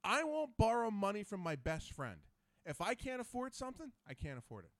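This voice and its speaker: Lively-pitched male podcast host. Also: fairly quick, no echo. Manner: animated storyteller. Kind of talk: casual chat.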